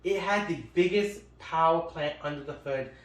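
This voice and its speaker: A man telling funny family stories in casual chat, animated and swearing freely as he acts out the people in them. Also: fairly high pitch, moderate pace. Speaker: storyteller, co-host. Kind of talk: casual storytelling. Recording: echoey room, mic at a distance.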